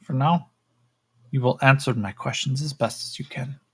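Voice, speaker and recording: A man voicing a cold, condescending chimpanzee-like male alien slaver who speaks slowly and clinically. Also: mid-range voice, fairly even intonation, husky, pitched above the performer's own voice. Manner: slow, clipped, clinical and dismissive.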